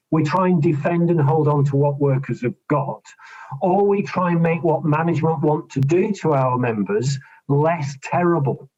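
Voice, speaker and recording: A man with a slightly high voice talks through negotiation tactics as a guest on a podcast. He repeats and restarts words and tells stories as he goes. The recording sounds dull and lo-fi. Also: darkish tone. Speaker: trade union official and guest. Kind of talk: podcast interview, explaining negotiation tips.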